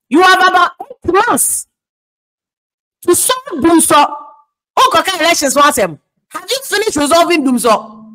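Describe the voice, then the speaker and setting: A woman's voice: sits high, fairly bright tone, low-quality recording. A woman with a Ghanaian accent, a Twi speaker, giving heated political commentary that moves between English and Twi and repeats words for stress.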